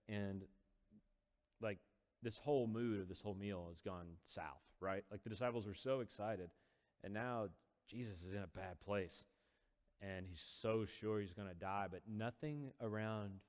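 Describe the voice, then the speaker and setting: A man's voice: on the low side, a little mellow, in a large hall. A man casually retelling a scripture story as a lesson, conversational and loose, with fillers, sometimes acting out the quoted lines.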